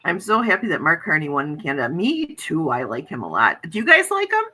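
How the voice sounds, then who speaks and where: A woman's voice: low-pitched, wildly swooping pitch, a little fast, sharp tone, breathy edge, rough recording. An American woman hosting a casual livestream chat, talking earnestly and reading viewer comments aloud. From United States.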